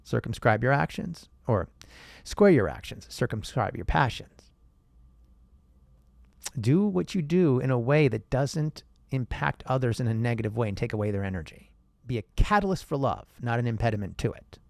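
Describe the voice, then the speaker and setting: A man hosting a casual monologue, animated and rhetorical, who addresses viewers directly and swears now and then. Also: mid-range voice, moderate pace, creaky, dry recording. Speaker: host.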